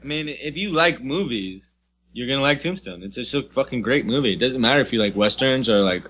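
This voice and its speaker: Man, podcast co-host, casual rambling, swears a lot, mid-pitched voice. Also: expressive, fairly quick, a bit bright, slight background noise. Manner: rambling, full of "you know what I mean" and cursing. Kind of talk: casual chat.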